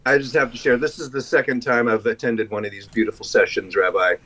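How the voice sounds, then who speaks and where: A man's voice: mid-range voice, steady tone, quick pace, bright, forceful tone. Dry-humored man teasing the speaker. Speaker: congregant on a video call. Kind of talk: casual chat.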